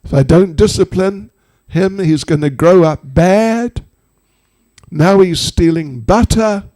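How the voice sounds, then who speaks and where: Slow-talking spiritual teacher guy, gravelly and mellow, joking with the crowd as he tells the story. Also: high voice. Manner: humorous, chatty asides to audience. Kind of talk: devotional storytelling talk.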